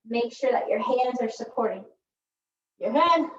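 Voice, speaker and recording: A woman's voice: on the high side, lively intonation, unhurried, slight background noise. A woman instructing a pilates workout in a chatty, joking way, often tagging her cues with "right?". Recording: echoey room, distant mic, dull sound.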